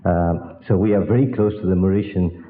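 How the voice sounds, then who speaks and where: A man from South Africa opening a question-and-answer session, courteous and formal with gentle humor. His voice is low and deep. The old recording sounds thin and phone-like. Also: brisk. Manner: polite, formal, lightly humorous. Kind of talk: formal event announcement. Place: large lecture hall with an audience.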